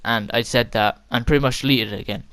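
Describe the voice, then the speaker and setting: A man's voice: mid-range voice, steady tone, fast talker, a bit bright, clear, resonant tone. A teenage boy casually telling a story as a vlogger, rambling, stammering and swearing as he goes.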